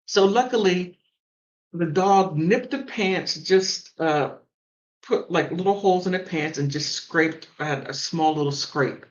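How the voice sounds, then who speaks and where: Animated woman telling a story. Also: measured pace, lo-fi sound. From the mountains. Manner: animated storytelling with big pitch swings. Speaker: host. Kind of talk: casual chat.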